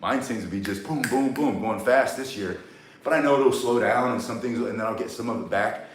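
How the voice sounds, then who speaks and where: With a brisk delivery and a fairly low-pitched voice, an older man teaches cane self-defense during a live outdoor exercise session in the sunshine. He's blunt and rambling, slipping in jokes along the way, and the distant microphone adds a spacious echo.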